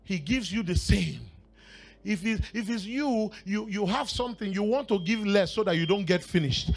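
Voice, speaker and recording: A man preaching a sermon with fervor, dropping to a hush and then rising to shouts and half-sung phrases, sometimes speaking in tongues. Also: high-pitched, moderate pace, creaky, soft background music. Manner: fervent, swings from hushed to shouting and half-singing.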